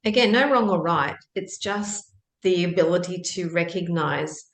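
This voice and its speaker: A middle-aged woman co-hosting a podcast, telling stories in a lively, emphatic way and laughing often. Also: on the low side, normal speed. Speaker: podcast co-host. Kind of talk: casual chat, anecdotal storytelling. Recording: echoey room.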